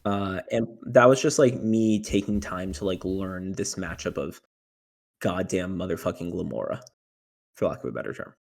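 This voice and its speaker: The young tournament winner has a low-pitched voice with vocal fry and speaks at a normal speed. He rambles casually through the interview, filling it with fillers, and gets excited recounting moments of panic.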